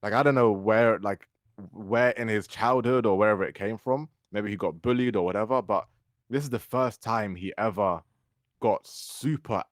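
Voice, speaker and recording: A young man, co-hosting a casual podcast and telling animated stories. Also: on the low side, moderate pace, dry recording, clean studio sound. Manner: storytelling, animated when quoting others. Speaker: podcast co-host. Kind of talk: casual chat.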